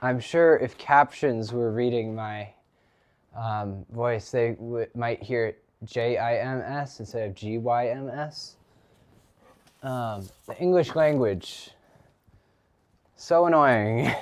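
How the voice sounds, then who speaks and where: A man's voice: medium pitch, takes it slowly. A teenage boy chatting casually on a live stream from his garage, rambling with lots of ums and restarts. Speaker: livestreamer. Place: home garage.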